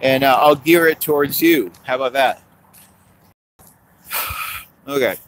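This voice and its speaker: Slow, rambling man telling jokes. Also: medium pitch, fairly bright tone, a little hiss or hum, rough recording. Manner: rambling, halting, meandering. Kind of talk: improvised stand-up and rambling storytelling.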